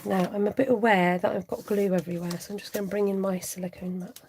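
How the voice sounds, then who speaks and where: A woman's voice: medium pitch, fairly even intonation, fast talker, vocal fry, darkish tone, slight background noise. A woman hosting a live crafting stream, thinking aloud, humming and chatting with viewers.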